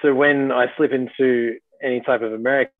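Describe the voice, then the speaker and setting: A man with an Australian accent, an actor guesting in a laid-back video-call interview, talks a little fast in a medium-pitched voice with fairly even intonation. He rambles, using fillers and restarting sentences. The recording is tinny, like a phone call, and dry with no echo.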